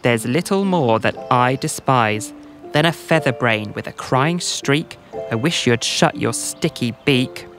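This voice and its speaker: A man's voice: mid-range voice, expressive, unhurried, over music, lightly acted. A man voicing a grumpy, prickly female cactus in a rhymed bedtime story, snappy and scornful.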